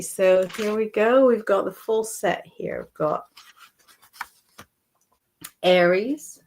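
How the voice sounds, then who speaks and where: A woman hosting a live tarot stream, talking through the cards at an unhurried pace with frequent ums and reading viewers' comments aloud. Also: mid-range voice, darkish tone, a little hiss or hum. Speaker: psychic and tarot host.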